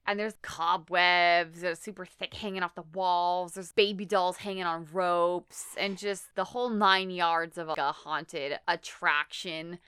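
A young adult woman in casual chat, recapping a plot with lively acted-out quotes and laughter. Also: lowish voice, smooth, no echo. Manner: animated storytelling with quick acted-out quotes and laughs. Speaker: podcast co-host recapping a film.

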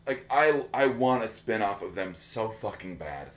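A man with a somewhat low voice, talking on a casual podcast. He gushes, swears freely and trips over his own sentences as he goes. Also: expressive, normal speed. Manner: enthusiastic, swears a lot, many restarts. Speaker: podcast co-host. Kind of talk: casual chat.

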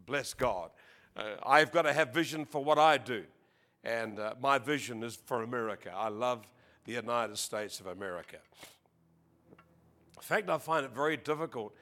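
An Australian man preaching a sermon, joking with the congregation and crying out praises, reading scripture slowly and with emphasis. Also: medium pitch, fairly bright tone. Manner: jokey, peppered with exclamations of praise. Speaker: visiting preacher.

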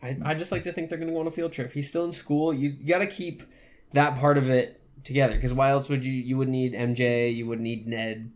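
A man's voice: medium pitch, steady tone, brisk. A Canadian man co-hosting a casual podcast, joking and swearing freely as he acts out quoted people. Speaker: podcast co-host. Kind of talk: casual chat.

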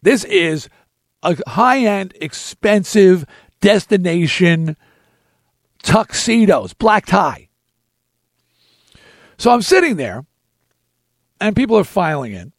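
A man hosting a podcast, telling a story in an animated, emphatic way. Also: high voice, slow pace, long pauses, no echo, clean studio sound. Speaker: podcast host. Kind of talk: storytelling chat.

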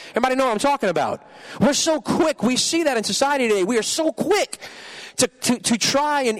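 Animated high-pitched male preacher. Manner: animated preaching, drops into quiet earnest tone. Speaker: pastor. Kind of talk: sermon.

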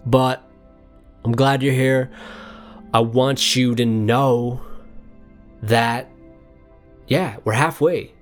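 Rambling, swearing man, slow-talking. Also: medium pitch, steady tone, soft background music. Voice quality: raspy put-on voice at times. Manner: rambling, profane, self-mocking. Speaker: podcast host. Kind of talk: casual solo monologue.

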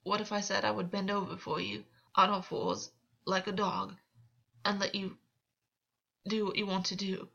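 A woman reading the lines of a defiant captive male former king in an audiobook, with a raspy, coaxing, provoking delivery. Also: medium pitch, level tone, moderate pace, long pauses, bright, forceful tone, muffled recording.

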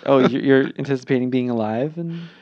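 A woman's voice: rumbling low, a little fast, a little mellow, muffled recording. A woman co-hosting a casual political chat podcast, swearing freely and acting out quotes in funny voices.

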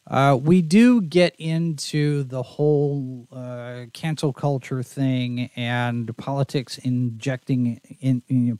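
A man's voice: medium pitch, darkish tone, no room sound. A man hosting a casual podcast chat with a faint Texas Southern accent, talking in a thoughtful, easygoing, rambling way. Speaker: show host.

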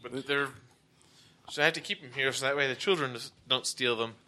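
A man's voice: mid-range voice, a little fast, pushed and bright, lightly acted. Smiley baker lady missing some teeth, guy doing her, polite shop talk in a tabletop game. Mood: friendly.

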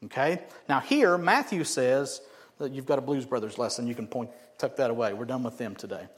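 A man preaching a sermon as pastor, animated and often asking the congregation questions. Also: medium pitch, brisk. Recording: echoey hall.

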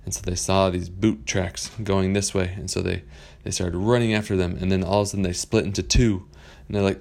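A man telling an improvised bedtime story in a relaxed, rambling way. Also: low voice, moderate pace, vocal fry, few pauses.

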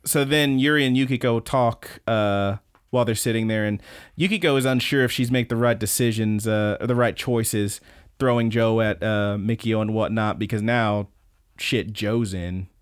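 A man co-hosting a podcast, casually recapping events in an excited play-by-play with some swearing. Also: fairly low pitch, normal speed, smooth, no room sound, clean studio sound. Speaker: podcast co-host.

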